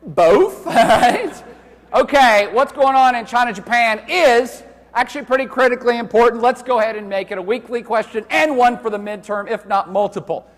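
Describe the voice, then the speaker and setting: A university lecturer giving a live classroom lecture, loud and animated, joking with students and swearing casually. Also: male voice, extremely high pitch, moderate pace. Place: large lecture hall. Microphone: handheld microphone. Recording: reverberant lecture hall.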